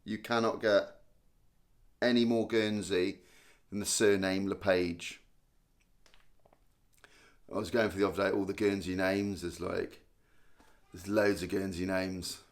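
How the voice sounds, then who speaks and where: A man's voice: sits low, level tone, a little slow, pauses often. A young man hosting a casual live stream, chatting and joking as he reads out viewer comments. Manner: chatty, self-mocking, reads viewer names aloud.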